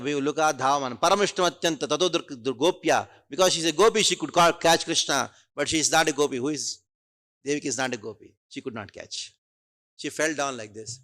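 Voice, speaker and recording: A man giving a devotional lecture in a temple, telling stories animatedly, acting out the characters and often clearing his throat. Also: fairly high pitch. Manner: animated, acts out quotes, frequent throat-clearing. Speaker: scripture class teacher. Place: temple hall.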